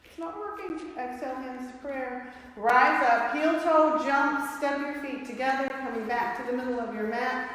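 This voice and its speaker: A woman's voice: high-pitched, fairly even intonation, moderate pace, fairly bright tone. Playful yoga teacher woman, echoey studio. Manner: playful, encouraging, breath-paced cues. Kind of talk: guided yoga class cues. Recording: roomy studio echo with light noise.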